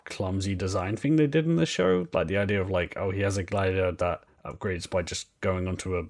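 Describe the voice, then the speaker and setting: A man co-hosting a podcast, with a voice that sits somewhat low. He chats casually, dropping wry asides and quizzical questions. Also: a little fast. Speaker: podcast co-host. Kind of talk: casual chat.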